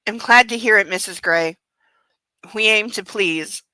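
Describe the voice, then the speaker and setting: A woman reading the lines of a controlling young husband in a low, quiet, measured voice. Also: no room sound, poor audio. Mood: soothing. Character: controlling wealthy young husband, smooth and possessive.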